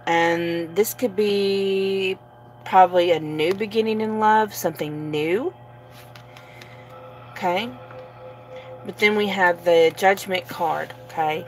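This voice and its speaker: Slow, low-voiced woman reading tarot. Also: soft background music, low-quality recording. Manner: relaxed, many fillers and soft laughs. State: sleepy, yawning. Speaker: tarot reader. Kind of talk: casual tarot reading to camera.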